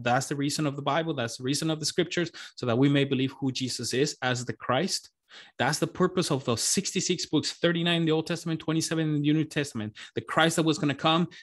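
A man's voice: a little high, a bit bright. A man preaching a sermon as pastor, earnest and emotional, often repeating his phrases.

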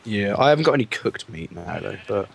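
A man chatting casually while playing a game with a friend, playful and quick to laugh. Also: lowish voice, lively intonation, gravelly, a bit bright, slightly rough. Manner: playful, laughs a lot, jokey banter. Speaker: gaming co-host. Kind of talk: casual gaming chat.

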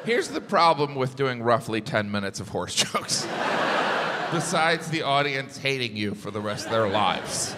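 A male stand-up comedian performing to a live audience, mixing deadpan asides with sudden high-pitched incredulous outbursts. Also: measured pace. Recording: live show with loud audience noise.

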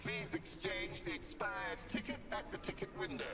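An actor voicing a rule-bound male robot train conductor who makes flat, officious announcements. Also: high-pitched, normal speed, vocal fry. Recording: distant voice over loud game noise.

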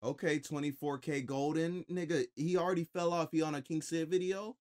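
A man's voice: a little high, fairly even intonation, brisk, darkish tone. A man streaming a reaction to a video, talking bluntly and mockingly with lots of profanity. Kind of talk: casual reaction commentary.

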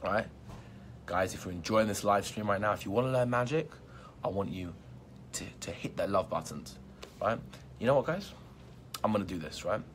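A man with a deep, low voice chats casually on a live stream and reads fans' comments out one after another. He keeps it upbeat and hypes his viewers, with plenty of "um" and "like." A faint hum sits underneath. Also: expressive, normal speed, pauses often. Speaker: magician hosting a live stream. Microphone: phone or laptop live stream.

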